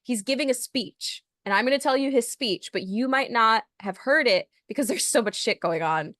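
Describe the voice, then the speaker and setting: A woman's voice: a little high, moderate pace, dry recording, clean studio sound. A woman co-hosting a podcast, animatedly recapping a film in casual chat. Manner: animated storyteller, recapping scenes with laughter. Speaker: podcast co-host.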